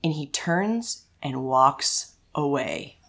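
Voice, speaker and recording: A woman in her thirties with a fairly low voice, co-hosting a casual chat. She tells stories in an animated way, swears freely and acts out other people's lines. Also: takes it slowly. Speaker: podcast co-host.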